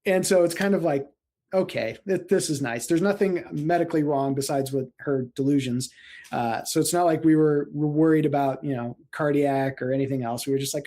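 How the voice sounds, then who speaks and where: Mellow-voiced man telling stories. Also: on the high side, moderate pace. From central Illinois, US. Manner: animated, laughs often, acts out quotes. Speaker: guest, paramedic and screenwriter. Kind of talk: casual storytelling interview.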